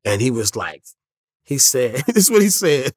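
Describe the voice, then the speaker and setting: In this casual storytelling interview, a rapper in his fifties has a medium-pitched, sing-song voice at a moderate pace. He is laid-back and profane. He voices the people he quotes.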